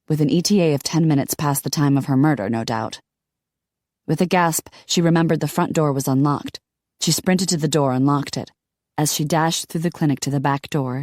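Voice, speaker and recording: Low-voiced woman reading an audiobook. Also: darkish tone, no echo, clean studio sound. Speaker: audiobook narrator. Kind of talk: scripted audiobook narration.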